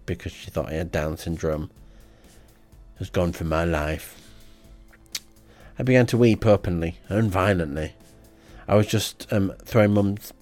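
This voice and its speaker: A man reading out a comic diary in a deadpan, rambling way. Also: deep voice. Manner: deadpan and rambling, with frequent ums. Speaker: comedy podcast host.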